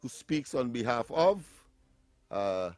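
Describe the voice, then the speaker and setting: A man's voice: mid-range voice, big pitch swings, takes it slowly, darkish tone, no echo. A man hosting a morning talk radio show, bantering, laughing often and repeating words as he works through them.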